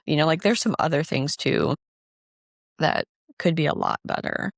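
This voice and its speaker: A woman's voice: deep voice, moderate pace, creaky, no room sound, clean studio sound. A woman co-hosting a podcast in casual chat, talking freely and saying "like" and "dude" a lot. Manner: chatty, conversational, says "like" and "dude" often. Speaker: podcast co-host.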